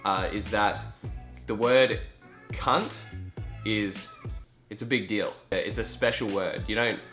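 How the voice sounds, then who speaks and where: A man's voice: lowish voice, steady tone, unhurried, a bit bright, soft background music. A young Australian man with an Australian accent who talks to camera in a chatty, rambling way and swears freely. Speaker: vlogger. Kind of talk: casual vlog monologue.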